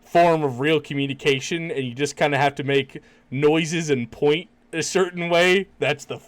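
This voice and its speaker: A man's voice: a little high, normal speed, dry recording. A man hosting a casual podcast chat, laid-back, swearing often and laughing easily. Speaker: podcast host.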